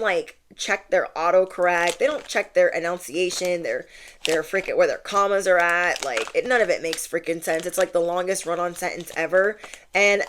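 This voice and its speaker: A woman's voice: on the low side, a bit bright, slight background noise. A young woman giving a casual spiritual tarot reading and talking to viewers in a chatty, emphatic way. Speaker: tarot reader.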